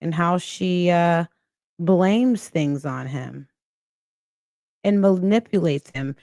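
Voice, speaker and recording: Speaking casually to livestream viewers as a reaction channel host, a woman offers slow commentary tinged with criticism and exasperation. Her fairly low voice has a warm tone, and the clean studio sound carries no room sound.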